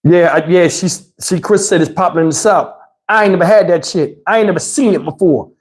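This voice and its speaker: A middle-aged man tells a profane, animated story to his livestream chat. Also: fairly quick. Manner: animated, profane, swings into high voices to mimic others. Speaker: livestream host.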